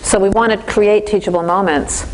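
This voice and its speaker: A woman instructor giving a lively, conversational lecture in a classroom, speaking straight to the class. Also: medium pitch, moderate pace, a little hiss or hum, poor audio.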